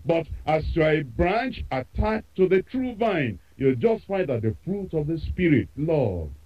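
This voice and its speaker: A man's voice: on the high side, sing-song, unhurried, darkish tone, muffled recording. A man preaching a sermon, emphatic and repeating phrases for effect.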